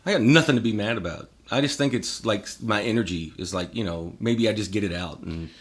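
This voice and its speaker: A man in his forties, a podcast guest telling stories in an animated, profane casual chat. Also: on the low side, a little fast, breathy edge. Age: 40s.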